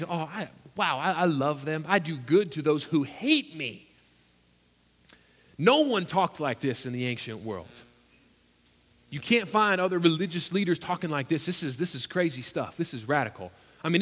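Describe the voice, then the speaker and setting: A man's voice: sits high, fairly bright tone. A man preaching a sermon as pastor, earnest and emphatic, firing off rhetorical questions. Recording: echoey hall reverb.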